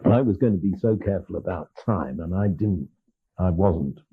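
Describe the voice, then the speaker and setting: An older man's low, husky voice moves at normal speed with lively intonation as he gives a storytelling lecture, animatedly acting out dialogue and laughing frequently. The archival tape sounds lo-fi and phone-like.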